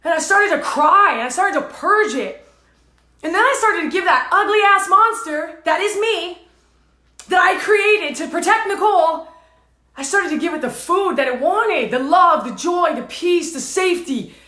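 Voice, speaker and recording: A woman's voice: very high voice, expressive, moderate pace, sharp tone. A woman speaking emotionally to her viewers as a spiritual teacher, repeating intense affirmations and swearing casually. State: tearful and dizzy at times. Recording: roomy echo.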